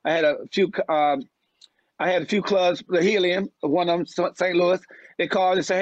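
A man's voice: sits high, fairly quick, no echo, dull audio. A man, a comedian, joking around as a guest in a casual podcast chat. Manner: joking, playful, sings a rap.

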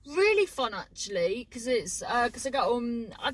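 A woman's voice: a little high, very animated, measured pace, hardly any pauses, husky, rough recording. A woman chatting casually to camera in a rambling, sweary way, often trailing off mid-thought. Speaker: vlogger.

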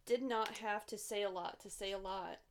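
A woman co-hosts a podcast. She recites scripture and runs through its points in short, clipped phrases, keeping a steady delivery at a middle pitch for a woman. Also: normal speed, a little hiss or hum. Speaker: podcast co-host.

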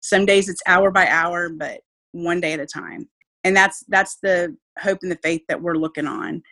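A woman's voice: fairly low pitch, steady tone, normal speed, sharp tone. A woman, a mother speaking earnestly and with faith about her child's illness in an interview. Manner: heartfelt, faith-filled, earnest. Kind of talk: emotional personal interview.

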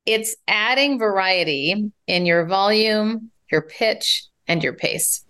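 A woman speech coach giving advice in an interview, talking in an animated way and showing vocal variety as she explains. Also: mid-range voice, slow pace.

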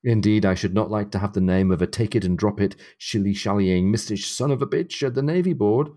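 A man reading aloud as a reserved ship's doctor, in measured, formal period speech. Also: on the low side, dark tone, close to an everyday voice. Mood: earnest.

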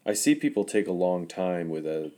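A man's voice: sits low, expressive, normal speed, dark tone. A man co-hosting a podcast, chatting casually and enthusiastically, often trailing off with "you know.". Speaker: podcast co-host. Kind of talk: casual chat.

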